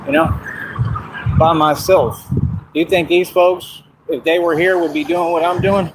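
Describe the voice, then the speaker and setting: A man rants outdoors at night, boastful and combative, circling back to the same points. His voice sits a little high for a man. Steady background noise from the open air and passing traffic runs under the stream. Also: a little slow, low-quality recording. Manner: boastful, combative, repeats himself. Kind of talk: ranting monologue. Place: outdoors in the dark.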